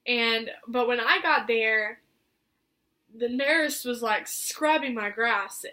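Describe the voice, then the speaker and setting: Bright high-voiced young woman storyteller. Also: slow. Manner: chatty, filler-heavy, acts out quoted voices. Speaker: vlogger. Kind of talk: casual storytelling to camera.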